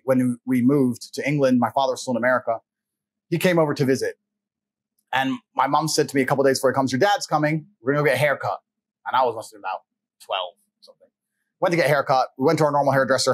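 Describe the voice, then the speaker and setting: A man's voice: mid-range voice, husky, dry recording, low-quality recording. A man telling a personal story in casual conversation, blunt and profane, acting out the people he quotes. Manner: blunt, profane, animated retelling with voiced quotes. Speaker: guest.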